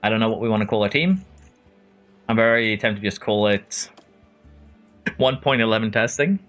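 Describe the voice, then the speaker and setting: Soft music plays as a man from Norway casually comments on a racing management game and reads chat. His fairly low voice is a bit bright and moves at normal speed; he's chatty, calls viewers by name and often chuckles.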